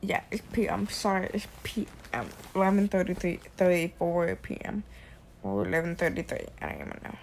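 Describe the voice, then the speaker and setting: A woman rambling casually in a vlog from her bedroom late at night, repeating herself and drifting between loud ranting and quiet near-whispers. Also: fairly low pitch, very animated, fairly quick, vocal fry, a little hiss or hum. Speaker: vlogger.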